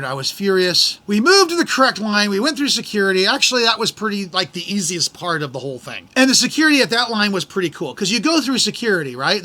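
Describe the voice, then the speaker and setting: A middle-aged American man hosting a podcast, telling a travel story in an animated, exasperated way and acting out the people in it. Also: sits high. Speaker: podcast host. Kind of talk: casual storytelling.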